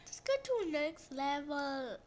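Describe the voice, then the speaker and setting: A woman's voice: high-pitched, fairly even intonation, unhurried. A young woman watching a friend play, teasing her and giving backseat tips. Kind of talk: casual chat.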